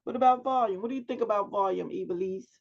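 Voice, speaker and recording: A woman's voice: mid-range voice, fast, darkish tone. A woman teaching a public speaking class over a video call, prompting students with questions and giving feedback. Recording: dull lo-fi video call audio.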